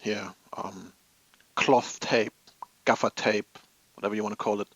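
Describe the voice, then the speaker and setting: A man with a husky, lowish, slightly bright voice and fairly even intonation hosts an unhurried live hobby stream from his home office. He rambles chattily with viewers, amused and laughing at his own anecdotes. The audio is dull and dry, with no room sound.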